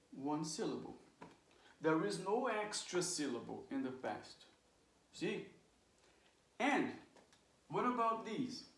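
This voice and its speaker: Slow woman teaching in an echoey room. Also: low voice, darkish tone, far from the mic. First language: Portuguese. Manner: slow, drills words aloud, often checks with "right?" and "okay?". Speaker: English teacher. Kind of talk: pronunciation lesson. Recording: roomy echo, voice from away from the mic.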